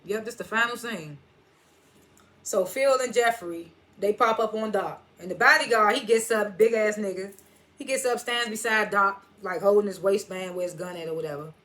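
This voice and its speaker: A woman's voice: mid-range voice, normal speed. A woman recaps a TV episode in a loose, conversational way. She talks in slang, reacts as she goes and slips into the characters' lines to act them out. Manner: animated, slangy storytelling that acts out quotes. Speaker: TV episode reviewer.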